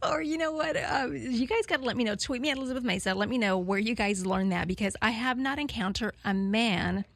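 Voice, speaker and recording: A woman's voice: fairly high pitch, moderate pace, no room sound. Candid, chatty woman in her forties hosting. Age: 40s. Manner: rambling and candid, laughing often, frequent fillers. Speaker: radio show host. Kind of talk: casual chat to listeners.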